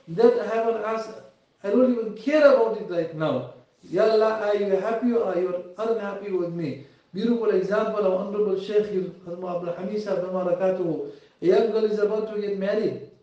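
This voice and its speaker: Guy preaching, high voice, mellow tone, echoey far-off lo-fi hall recording. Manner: earnest, pleading, rising and falling emotion. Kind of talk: sermon.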